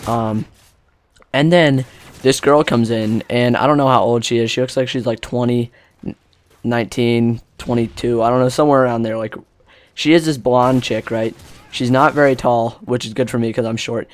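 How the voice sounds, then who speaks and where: A man's voice: medium pitch, fairly even intonation, moderate pace. Rambling teen boy gamer. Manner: rambling, filler-heavy, acts out quotes. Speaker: gaming commentator. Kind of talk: casual storytelling over gameplay.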